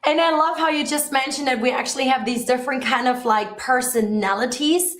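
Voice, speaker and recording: Woman from Germany, interview host, fairly high voice, encouraging and a bit hesitant, echoey room. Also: brisk, fairly bright tone. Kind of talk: conversational interview.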